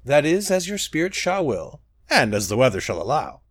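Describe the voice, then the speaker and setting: Man doing a calm wise priestess, raised voice, lively lilt, dry sound, read like a storybook. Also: a little high, moderate pace, no echo. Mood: gentle. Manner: gentle and wise. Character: serene, playful woman priestess, the Sibyl.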